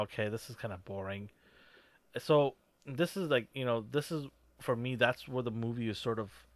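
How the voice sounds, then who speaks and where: A man's voice: medium pitch, dry recording. Male podcast co-host, mid-range voice, loose filler-heavy movie chat, dry recording. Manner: rambling, filler-heavy, animated reactions. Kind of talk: casual movie review chat.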